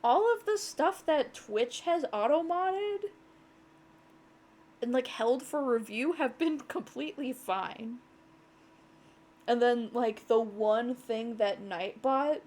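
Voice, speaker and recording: A woman streaming a game talks in a slow, unhurried ramble. Her voice sits on the higher side, and she breaks into giggles and tosses in casual swearing. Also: expressive, darkish tone. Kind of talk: casual chat over gameplay.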